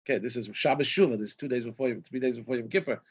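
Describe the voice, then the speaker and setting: A man's voice: medium pitch, rapid-fire, breathy edge. A man, a rabbi, telling anecdotes on a video call and laughing at his own jokes. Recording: dull lo-fi video call audio.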